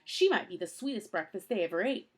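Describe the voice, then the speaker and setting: A woman voicing a scheming villainous man who gloats slowly and menacingly while she reads a storybook aloud. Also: mid-range voice, animated, breathy edge. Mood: gloating.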